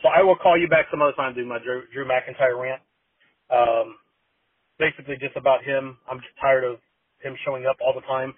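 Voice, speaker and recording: A caller from Texas rambles through a voicemail, hesitating and filling gaps. His voice is husky and dry. It comes through a thin, phone-like line. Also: medium pitch, steady tone, fairly quick, no room sound. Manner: rambling, hesitant, with many fillers. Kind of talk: casual voicemail rant.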